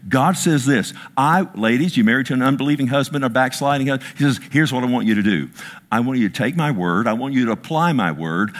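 A pastor in his sixties preaches to his congregation, swinging between loud, high bursts and slow, low emphasis. He sprinkles in self-mocking asides.

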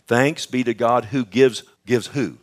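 A man preaching a sermon, swinging from hushed asides to loud, emphatic bursts and often checking in with the congregation. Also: mid-range voice, measured pace.

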